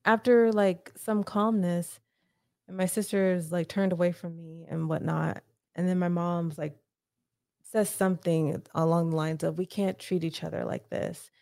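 Her voice is mid-range and mellow, recorded dry with clean studio sound. As a guest on a podcast, she tells an emotional, painful family story in blunt, profane terms, growing more urgent.

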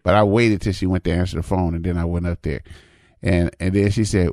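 Man, 50s, very low voice, dry close sound; easygoing folksy storyteller. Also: fairly even intonation, brisk, darkish tone, no room sound. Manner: folksy, repetitive, says "man" and "you know what I mean". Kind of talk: casual storytelling monologue.

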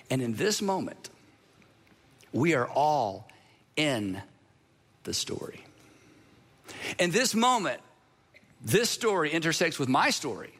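A man preaching a sermon as pastor, earnest and emphatic, with dramatic pauses and sudden drops to a hush. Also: a little high, very animated.

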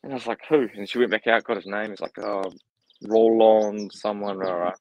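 A man's voice: fairly low pitch, little pitch movement, a little fast, a little mellow, no echo, muffled recording. A man with a New Zealand accent, groggy after a nap, telling stories in a laid-back way on a casual podcast. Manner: laid-back storytelling, laughs often. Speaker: pro cyclist and co-host.

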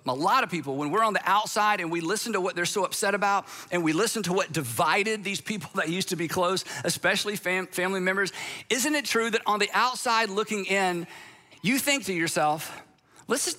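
A man preaching a sermon in a conversational way, posing rhetorical questions and acting out what people say. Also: high-pitched. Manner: animated, acts out quoted voices.

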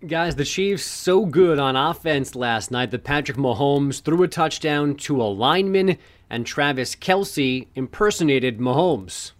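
A man's voice: on the high side, expressive, slight background noise. Wry man reading sports headlines. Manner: brisk, wry headline delivery. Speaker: sports news anchor.

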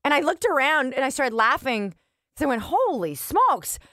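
A woman co-host with a fairly high voice tells a story in animated radio chat. She laughs often and acts out the voices in her stories. The sound is dry and close. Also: brisk, no echo. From Canada. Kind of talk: casual morning-show banter and storytelling.

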